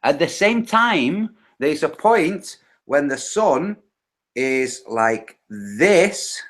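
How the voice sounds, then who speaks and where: A man presenting on a live video call, explaining step by step and often correcting himself. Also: mid-range voice. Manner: patient step-by-step explaining with frequent self-corrections.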